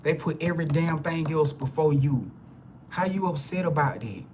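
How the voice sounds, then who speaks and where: A man's voice: fairly high pitch, normal speed, a little mellow, a little hiss or hum. A man giving a live spiritual reading to viewers, blunt and preachy, swearing freely and repeating himself as he builds emphasis. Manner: repeats words and restarts phrases when heated. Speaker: spiritual reader.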